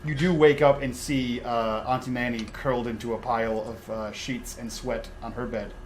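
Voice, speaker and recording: A man's voice: mid-range voice, steady tone, moderate pace, slight background noise, rough recording. Man narrating as dungeon master. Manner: descriptive, restarts often with uh and repeated words. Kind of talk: narrating a tabletop game.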